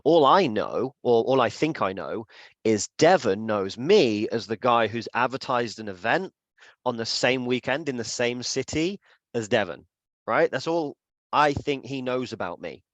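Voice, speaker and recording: A man, a guest in an interview, telling a story in an animated way and acting out the dialogue. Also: mid-range voice, measured pace, no room sound, dull audio. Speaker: event organiser, guest.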